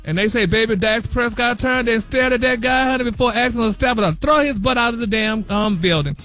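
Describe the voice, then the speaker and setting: Brief: high-pitched man, sassy celebrity-gossip radio host, light music under him. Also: fairly quick, a bit bright. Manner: sassy and chatty, calls everyone honey and y'all. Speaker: celebrity news correspondent on a morning radio show. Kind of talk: gossipy radio talk segment.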